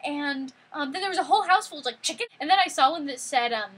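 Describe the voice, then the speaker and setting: An eighteen-year-old woman telling a story in a casual vlog, excitable and gushing, saying "like" constantly. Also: sits high, fast. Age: 18, college student. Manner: excitable, gushing, heavy use of "like". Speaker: vlogger.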